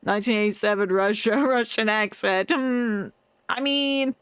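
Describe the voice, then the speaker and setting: A woman's voice: mid-range voice, unhurried, a bit bright, smooth, no room sound, clean studio sound. A woman streaming a game, chatting and reacting playfully with frequent giggles. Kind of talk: casual game commentary.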